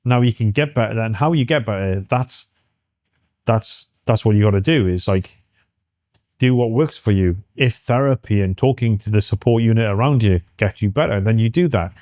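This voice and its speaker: Earnest British man, dark low voice. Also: dry recording, studio quality. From United Kingdom. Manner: halting, many restarts, earnest. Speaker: interview guest. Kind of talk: candid personal interview.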